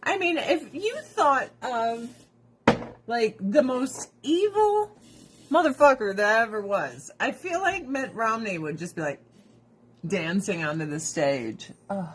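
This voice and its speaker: Slight background noise sits behind this woman, whose somewhat high voice moves slowly and swings widely in pitch. She sells skincare directly, testing items on herself in a casual ramble full of laughter, swearing and strong views.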